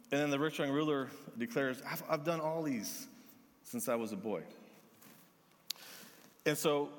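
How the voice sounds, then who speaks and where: A man preaching a sermon as pastor, earnest and gentle, pausing often. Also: fairly high pitch, in a large hall.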